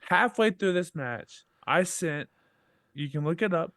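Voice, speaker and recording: A man co-hosting a podcast in a loose, joking manner. His voice sits a bit high, and the sound is dry and close with no room around it. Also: a little slow, no echo. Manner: joking, animated storytelling about drinking. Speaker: podcast co-host. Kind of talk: casual chat.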